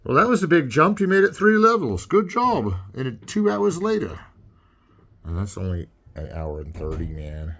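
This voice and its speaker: A man's voice: medium pitch, huge pitch swings, moderate pace, fairly bright tone. A man doing jokey, self-interrupting comedy commentary over gameplay.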